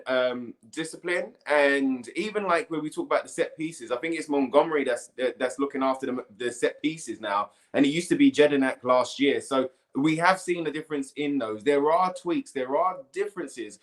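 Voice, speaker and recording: A man's voice: on the high side, moderate pace, hardly any pauses. A man giving his views as a guest in a casual football podcast chat, rambling and often checking that the others follow him. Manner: rambling, keeps asking "do you know what I mean". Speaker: pundit guest.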